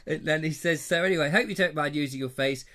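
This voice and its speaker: A man's voice: a little high, quick pace, sharp tone. A British man hosting a live online show, casually reading viewer comments aloud with playful jokes and asides. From Britain. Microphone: lapel mic.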